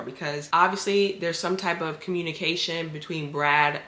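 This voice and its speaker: A young woman with a low but bright, sharp voice tells a dramatic storytime and acts out her own lines. The sound is roomy and echoey, with a faint hiss underneath. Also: moderate pace. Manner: dramatic, animated storytelling with acted-out quotes. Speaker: vlogger. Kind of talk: storytime narration. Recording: echoey room.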